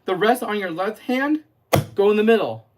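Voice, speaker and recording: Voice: mid-range voice, expressive, normal speed, heavy background noise. A casual livestreamer teaching cup stacking step by step while chatting with viewers. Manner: chatty, addresses live chat, explains step by step. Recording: clear clatter of plastic cups.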